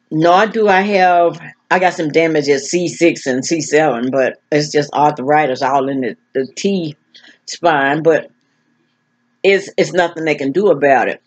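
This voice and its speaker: An older woman talking frankly to her camera, with effortful speech that stumbles and repeats while she searches for words. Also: deep voice. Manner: frank, plain-spoken. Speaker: vlogger. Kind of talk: casual personal talk to camera. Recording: dull lo-fi recording.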